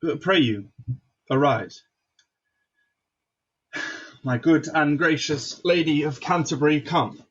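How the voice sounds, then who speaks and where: A man playing a husky, grave king. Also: a little high, a bit bright, muffled recording, full character voice. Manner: halting, with fillers and restarts. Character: grave king, commanding yet sorrowful. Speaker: stage actor. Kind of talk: Shakespearean stage acting.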